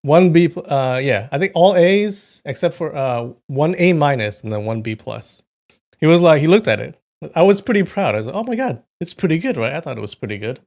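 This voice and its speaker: A young man hosting a live stream, casually chatting with viewers in a rambling storytelling way and often clearing his throat, at a desk mic at home. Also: on the high side, animated, a little fast, a little mellow. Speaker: livestream host.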